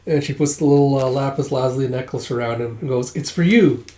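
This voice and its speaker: A man's voice: medium pitch, level tone, quick pace, warm tone. A man doing a casual readthrough of a comic, retelling the scenes loosely with plenty of fillers. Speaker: comic reader. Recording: echoey room.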